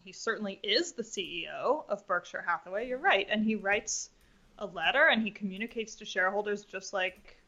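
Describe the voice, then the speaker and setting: A woman co-hosting a casual investing podcast, her voice bright and forceful. She is eager and quick to jump in with her own take. The recording sounds dull and lo-fi. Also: medium pitch. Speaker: podcast co-host.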